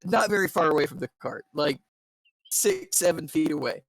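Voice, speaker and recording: Halting man running a tabletop game. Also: fairly high pitch, animated, low-quality recording. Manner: hesitant, full of fillers and restarts. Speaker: dungeon master. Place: home setup on a stream.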